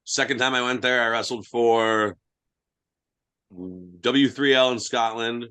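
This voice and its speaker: A man's voice: mid-range voice, level tone, measured pace, bright, forceful tone, clean tone. A young man, a guest wrestler, telling blunt, profane stories in casual podcast chat.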